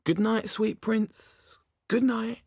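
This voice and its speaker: A man's voice: sits high, slow pace, a little mellow, husky, no room sound, clean studio sound, pitched above the performer's own voice, exaggerated voice. A man voicing a mocking, theatrical teenage boy with an affected mock-Shakespearean delivery, for an audiobook.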